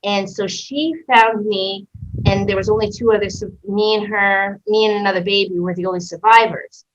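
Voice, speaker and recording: A woman from Canada, a guest in a casual interview, telling a story in an animated way, acting out voices and swearing freely. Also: mid-range voice, moderate pace. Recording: dull lo-fi sound.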